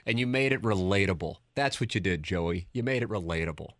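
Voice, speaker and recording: A man's voice: deep voice, no room sound, clean studio sound. A man hosting a sports radio show, joking with callers and reading ad spots. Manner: lively and jokey, reading ads briskly. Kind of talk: sports radio talk and live reads.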